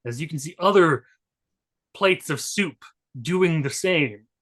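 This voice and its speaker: A man's voice: on the high side, lively intonation, takes it slowly, a bit bright. A man narrating as game master of a tabletop role-playing game, laid-back and joking, with fillers.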